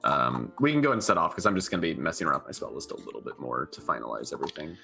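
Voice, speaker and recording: Gravelly, lively deep-voiced man. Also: rapid-fire, soft background music. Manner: stammering, laughing often. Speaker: player. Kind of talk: casual tabletop play.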